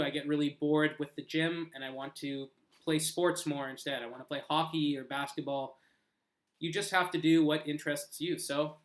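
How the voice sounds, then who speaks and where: A man's voice: a little high, a bit bright, reverberant. Man teaching a live English lesson. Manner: reads out viewer comments and corrects them patiently.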